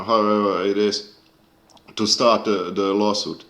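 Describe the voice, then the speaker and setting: Deep-voiced man ranting angrily, echoey room. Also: normal speed, sharp tone. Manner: angry, profane, searching for words. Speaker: video creator. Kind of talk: casual rant to camera.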